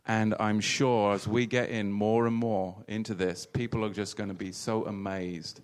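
A man's voice: fairly low pitch, little pitch movement, moderate pace. A man hosting a religious teaching talk, repeating words as he finds his phrasing. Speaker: host.

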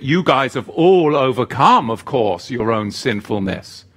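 A man preaching a sermon, emphatic and repetitive, swinging between loud exhortation and quieter asides. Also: mid-range voice, lively intonation, measured pace, husky.

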